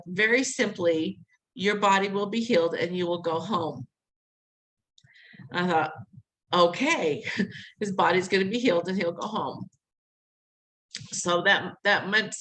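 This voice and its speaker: Woman, middle-aged, interview guest, animated storytelling, acts out quotes, laughs often. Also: mid-range voice, rough recording. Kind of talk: emotional personal storytelling.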